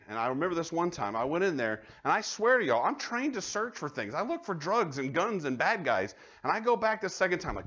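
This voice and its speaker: A man, a police officer giving a live safety training talk, conversational and animated as he tells stories to the audience. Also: on the high side, brisk, hardly any pauses, highs cut off. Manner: conversational, animated storytelling, addresses the audience directly. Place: university room before an audience.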